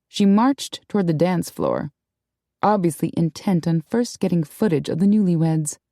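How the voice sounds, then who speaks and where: Brief: expressive female romance narrator, warm and close, dry booth. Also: on the low side, moderate pace, gravelly, dry recording. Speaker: audiobook narrator. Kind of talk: scripted narration.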